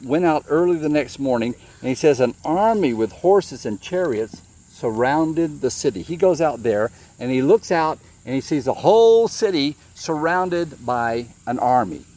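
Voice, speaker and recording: A man's voice: mid-range voice, darkish tone. Plain-spoken man preaching casually. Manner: plain, informal retelling with restarts and quoted dialogue. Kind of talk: conversational sermon.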